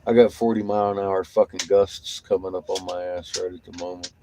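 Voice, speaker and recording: A man's voice: low voice, fairly even intonation, a little fast, mellow, slight background noise, low-quality recording. A tired man swearing and grumbling through a casual vlog monologue while driving. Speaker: vlogger on the road. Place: inside a vehicle while driving.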